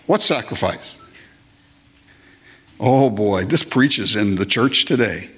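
Preaching with emphasis and plenty of repetition, this pastor occasionally acts out brief comic impressions of worshippers and God. He speaks a little slowly in a fairly low, husky voice that carries a bit of brightness.

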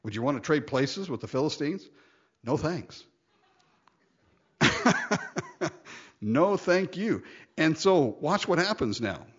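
A man preaching a Bible-teaching sermon, chatty and animated, often laughing and acting out quoted lines. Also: fairly high pitch, takes it slowly, pauses often, breathy edge, lo-fi sound. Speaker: pastor.

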